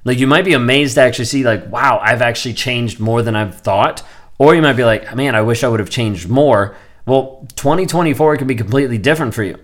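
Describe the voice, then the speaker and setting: A man's voice: mid-range voice, fairly quick. A man in his thirties talking earnestly in a reflective personal vlog, rambling with frequent fillers. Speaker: vlogger.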